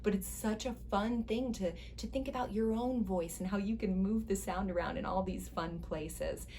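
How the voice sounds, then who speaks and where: A woman voice teacher giving a casual, encouraging singing lesson, chatting and now and then breaking into high sung slides. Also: normal speed, dark tone, a little hiss or hum. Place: music school studio.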